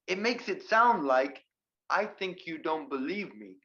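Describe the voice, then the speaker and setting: Lively male English teacher, lo-fi audio. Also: high-pitched, unhurried. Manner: lively, explains with examples and acted contrasts. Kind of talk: live online English class.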